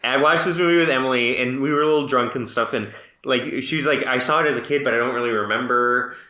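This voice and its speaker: Podcast co-host, male, bright tone, roomy sound, storyteller who laughs a lot. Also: mid-range voice, fast talker. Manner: laughs often, tells stories with quoted dialogue. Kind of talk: casual chat.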